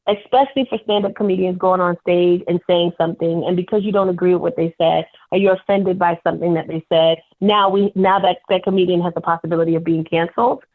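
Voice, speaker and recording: A woman comedian calling in as a guest, candidly telling animated stories about her work. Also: fairly low pitch. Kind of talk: phone interview storytelling. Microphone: telephone. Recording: tinny phone line.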